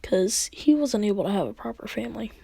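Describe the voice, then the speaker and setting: A woman casually telling a rambling fan story, dropping into whispers and quick voices for the characters. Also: medium pitch, lively intonation, gravelly, noisy background.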